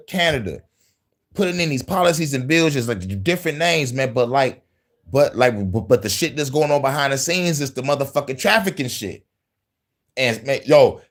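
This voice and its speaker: A man hosting a casual news-commentary livestream, profane and heated, laughing often between angry riffs. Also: medium pitch.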